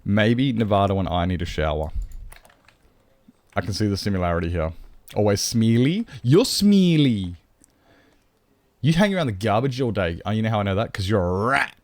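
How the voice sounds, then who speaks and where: A man with an Australian accent and a fairly low voice chats away as he plays, rambling and reacting to his viewers. The sound is dry and close. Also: expressive, brisk, no echo. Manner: rambling, reads and answers chat. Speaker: streamer. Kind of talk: casual chat while playing a game.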